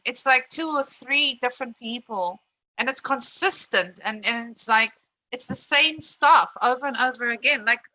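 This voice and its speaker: A woman's voice: fairly high pitch, moderate pace, sharp tone, poor audio. A young woman streaming live, ranting in a frustrated, emphatic way, swearing and repeating her points while greeting chat.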